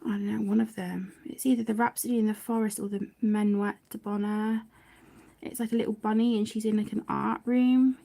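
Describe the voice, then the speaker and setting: A woman's voice: mid-range voice, steady tone, fairly quick, gravelly. A woman hosting a colouring channel, chatting casually during a live stream and often dropping to a near whisper. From United Kingdom. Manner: soft-spoken, often drops to a near whisper; chatty, warm-hearted, many fillers and restarts.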